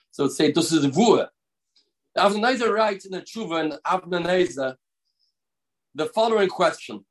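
Man, rabbi's daily lesson, earnest, higher-pitched voice, slows for emphasis. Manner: earnest, emphatic, slows to stress key words. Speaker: rabbi teaching a daily class. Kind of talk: recorded Torah lecture.

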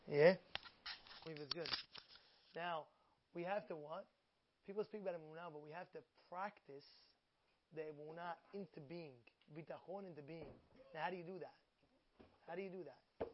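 A man giving a lively Torah talk to an audience, repeating himself and acting out little prayers and scenes. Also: high-pitched. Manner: animated, repetitive, acts out little prayers and scenes. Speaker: Torah teacher. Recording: dull lo-fi recording.

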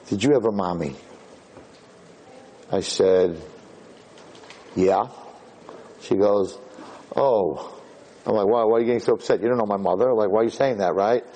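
A man giving a sermon as a rabbi, telling a story in a lively way that builds to emphatic points. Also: fairly low pitch, slight background noise, rough recording. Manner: animated storytelling, rising to emphatic peaks.

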